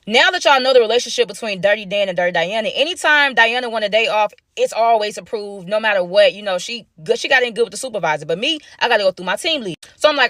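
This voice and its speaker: Fast, animated young woman telling a story. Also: mid-range voice, dry recording, clean studio sound. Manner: animated, slangy, dramatic repetition. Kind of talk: storytime monologue.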